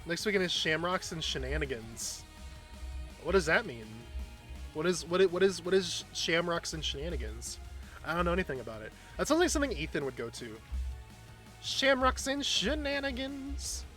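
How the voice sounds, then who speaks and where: A rambling, self-deprecating man chats as he streams a game. His voice sits a little high for a man, and soft music plays faintly behind him. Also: big pitch swings, brisk. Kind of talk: casual chat while gaming.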